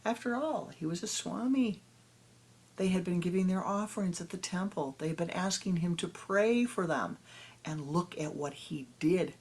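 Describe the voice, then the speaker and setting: A woman spiritual teacher tells a parable in a meditation talk, with rhythmic, dramatic phrasing that often sinks to a hush. Her voice sits low, with a gravelly, creaky texture. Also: moderate pace.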